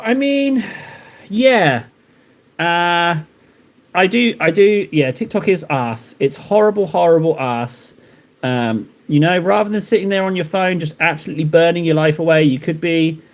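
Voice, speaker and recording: A man's voice: fairly high pitch, darkish tone. Chatty man streaming his hobby. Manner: rambling, joking replies to chat. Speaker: live streamer painting miniatures. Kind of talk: casual live-stream chat while painting.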